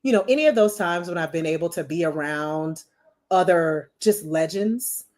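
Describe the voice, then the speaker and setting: Chatty woman with a lower voice. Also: normal speed. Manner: chatty, animated, many "you know" fillers. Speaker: podcast guest, marketing executive. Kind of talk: casual storytelling interview.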